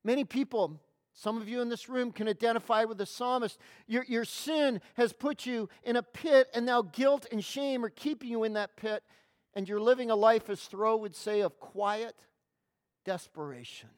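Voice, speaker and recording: A woman's voice: a little high, normal speed. A woman preaching a sermon to a congregation, emphatic, stretching key words and often restarting her phrases. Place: in front of a congregation.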